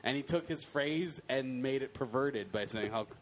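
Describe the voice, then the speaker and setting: A man's voice: medium pitch, moderate pace, slight background noise. Crude joking young man. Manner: crude joking, laughs often. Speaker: podcast co-host. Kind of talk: casual comedic chat.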